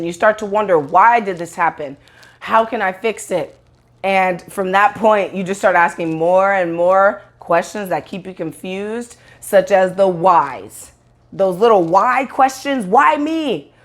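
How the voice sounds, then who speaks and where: A woman in a casual monologue to camera, blunt and profane, rambling with restarts and acting out quoted voices. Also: medium pitch. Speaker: online video host.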